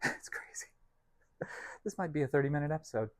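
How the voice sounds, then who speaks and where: A young man vlogs while baking in his home kitchen, rambling casually to the camera and his cats in a wry, self-deprecating way. His voice sits on the high side and he talks briskly yet leaves long pauses, with no echo.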